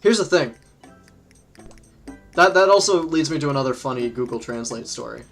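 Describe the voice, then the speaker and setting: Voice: mid-range voice, lively intonation, moderate pace, soft background music. A livestream host chatting casually while playing a game, rambling between topics and laughing often. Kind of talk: casual gaming livestream chat.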